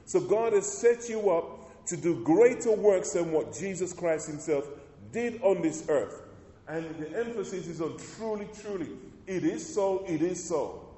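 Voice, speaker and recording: A man's voice: high voice, expressive, a little slow, mellow. A man preaching a sermon as pastor, calling out to the congregation and reading scripture with rising emphasis. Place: church. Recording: echoey church hall.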